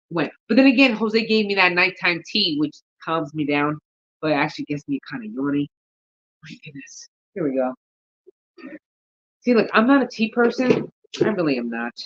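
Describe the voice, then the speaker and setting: A woman's voice: fairly low pitch, a bit bright. Sleepy rambling woman on a dull recording. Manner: rambling, thinking aloud, lots of fillers. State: sleepy, yawning. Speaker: gardening vlogger. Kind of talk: casual rambling chat.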